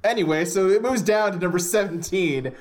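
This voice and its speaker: A man's voice: sits high, fairly quick. A man hosting a podcast who talks in a casual, rambling way and laughs often. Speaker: podcast host. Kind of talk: casual chat.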